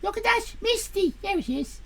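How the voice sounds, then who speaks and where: A woman's voice: extremely high pitch, expressive, normal speed, vocal fry, a bit bright, full character voice. Woman putting on a sassy Irish teen girl. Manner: rambling, crude, chatty. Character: sassy sixteen-year-old Irish girl. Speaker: streamer. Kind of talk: live stream in character.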